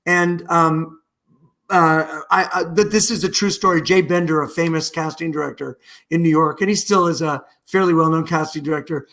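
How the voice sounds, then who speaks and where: A middle-aged man who acts in musical theatre tells anecdotes during a video-call interview, animated and lively, wandering off and restarting many times. His voice is on the high side, at normal speed.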